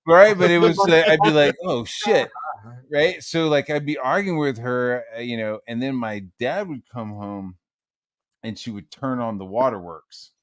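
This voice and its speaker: A man's voice: medium pitch, normal speed, no echo, studio quality. A man co-hosting a livestream, telling a story in casual comedic chat, swearing freely and acting out the people in it. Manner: animated storyteller, heavy swearing, acts out quotes. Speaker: livestream co-host.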